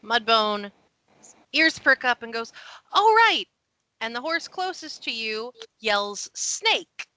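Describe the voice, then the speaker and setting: A woman's voice: fairly high pitch, measured pace, pushed and bright, low-quality recording. A woman running a tabletop game as game master, narrating scenes and patiently explaining the rules.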